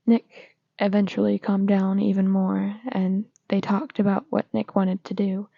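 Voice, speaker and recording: A woman reading fanfiction aloud in a steady, plain way, with small slips and restarts. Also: medium pitch, a little slow, gravelly, dry recording. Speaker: fanfiction reader. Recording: slightly dull lo-fi recording.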